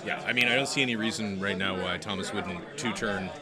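A man's voice: on the low side, fairly quick. A man giving joking, sarcastic live commentary on a tabletop game at a convention. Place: convention hall. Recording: crowd noise behind. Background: crowd chatter.

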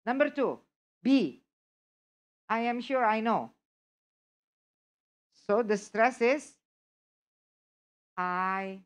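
A woman's voice: on the high side, drawn-out words, long pauses, smooth. A woman teaching an English test prep class, often checking that her students follow. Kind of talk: live online lesson.

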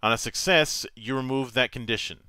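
A man acting as game master, reading tabletop game rules aloud in a measured, matter-of-fact way with small stumbles. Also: medium pitch, bright, forceful tone, smooth, no echo.

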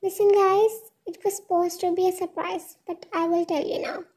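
A woman reading the lines of a loud, demanding young woman friend in a fan fiction story. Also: very high-pitched, fairly even intonation, moderate pace. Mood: bossy. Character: bossy young woman friend throwing a party.

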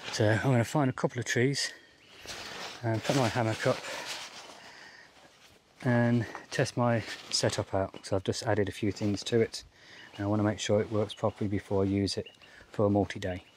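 A man's voice: on the low side, steady tone, normal speed, pauses often, slight background noise. A man from Australia hosting his outdoor gear channel, explaining his pack loadout step by step in a casual, easygoing way. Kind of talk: casual gear demonstration vlog.

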